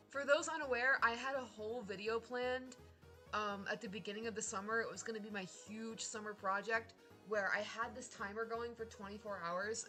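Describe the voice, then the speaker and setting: Excitable young woman streamer, bright voice. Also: fairly high pitch. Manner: excitable, rambling, frequent likes and laughs. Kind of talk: casual live-stream chat.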